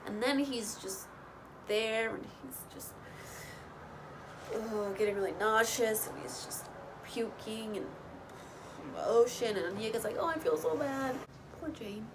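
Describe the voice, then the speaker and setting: A woman casually recapping a reality show, chatty, with lots of "like" and "you know" and lively quoted bits. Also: fairly high pitch, unhurried, pauses often, noisy background. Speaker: recap host.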